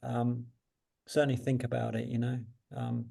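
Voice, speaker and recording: A man's voice: medium pitch, monotone, moderate pace, vocal fry, warm tone, slightly rough. A man speaking reflectively and hesitantly in a casual video call chat. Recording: distant video call mic.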